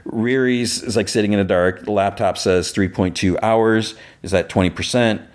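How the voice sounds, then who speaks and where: A man with a deep, low voice recaps a TV episode for his podcast. He talks casually and rambles, leaning on filler words as he narrates and quotes what each character says. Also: fairly even intonation, clear, resonant tone. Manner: rambling retelling with many "like" fillers and quick quoted lines. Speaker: podcast host.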